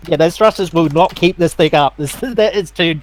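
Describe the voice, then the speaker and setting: A man's voice: on the high side, moderate pace, poor audio. A man playing in a tabletop game, casually explaining his moves. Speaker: player. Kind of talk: casual tabletop gaming chat.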